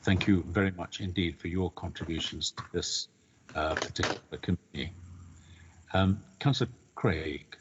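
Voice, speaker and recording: A man chairing an online council committee meeting, courteous and measured as he calls on each speaker. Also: low-pitched, fairly even intonation, noisy background. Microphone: video call. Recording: dull lo-fi video call audio.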